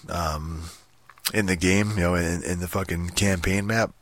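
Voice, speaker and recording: A man's voice: low-pitched, fairly even intonation, a little slow. A young man talking casually and rambling about a strategy game, swearing constantly and restarting his sentences. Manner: rambling, heavy swearing, many fillers and restarts.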